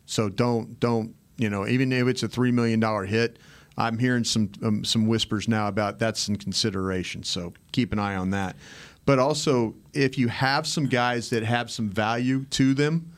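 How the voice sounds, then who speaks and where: A man's voice: medium pitch, fairly even intonation, normal speed. A man hosting sports talk radio, speaking casually and emphatically, often restarting his sentences. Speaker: sports radio host, former team executive.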